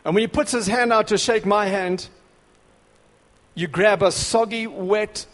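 A man preaching a sermon, dramatic, dropping to a hush and then rising to shouts. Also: high voice, a little slow. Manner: dramatic, swings between hushed and shouting. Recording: long hall reverb.

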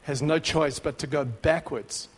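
A man preaching a sermon, dramatic, dropping to a hush and then rising to shouts. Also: on the high side, a little slow, breathy edge. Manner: dramatic, swings between hushed and shouting. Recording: long hall reverb.

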